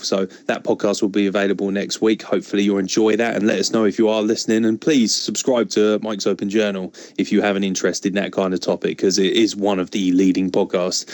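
A man's voice: on the low side, a little mellow, no echo. A man hosting a casual wrestling podcast, joking and chatty. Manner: joking, mock wrestling promo bits. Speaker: podcast host.

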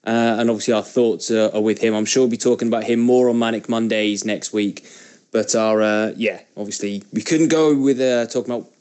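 A man's voice: fairly low pitch, steady tone, brisk, a little mellow, clean tone. A man, co-hosting a casual podcast in a laid-back, teasing way. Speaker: podcast co-host.

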